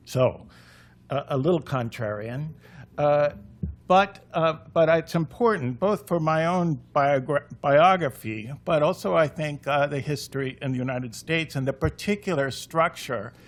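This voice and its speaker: A man, a lecturer on a panel, giving a conversational talk full of "uh" pauses. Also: a little high.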